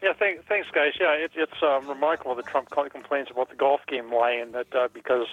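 A man calling in to a radio show, giving a halting opinion and repeating words as he talks. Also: medium pitch, steady tone, soft background music. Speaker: caller. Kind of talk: call-in comment. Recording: dull phone-in line.

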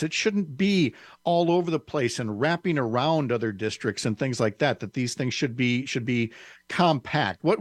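A male radio host whose voice is recorded very dry and close, with no room sound. He reads a scripted introduction and then asks his questions in a measured way, pausing and restarting now and then. His pitch sits in a middle range for a man. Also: no echo.

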